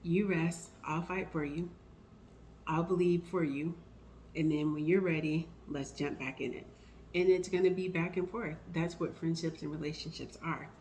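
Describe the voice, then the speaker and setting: A woman vlogging about encouragement and faith, telling personal stories and getting animated when she quotes herself. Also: low-pitched, moderate pace, slight background noise, poor audio. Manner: warm storytelling, animated when quoting herself.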